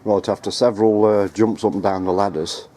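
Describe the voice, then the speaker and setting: A man's voice: on the low side, fairly even intonation, a little fast, mellow. A man chatting and rambling to a handheld camera outdoors at home, correcting himself as he goes. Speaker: radio hobbyist vlogger. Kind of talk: casual running commentary to camera. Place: outdoors at home on ladders and in the garden. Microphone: handheld camera mic.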